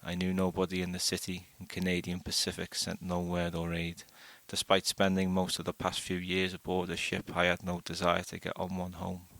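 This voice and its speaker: A man reading a first-person short story aloud in a steady, unhurried way. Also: sits low, creaky, no room sound. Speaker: audiobook narrator.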